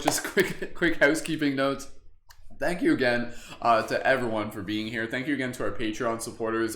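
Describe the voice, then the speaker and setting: A man's voice: medium pitch, a bit bright. A man hosting a live meditation stream, guiding breathing and chatting casually with viewers, with lots of fillers and frequent chuckles. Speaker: meditation livestream host. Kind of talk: guided meditation and live chat. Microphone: webcam livestream setup. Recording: roomy echo, faint ambience.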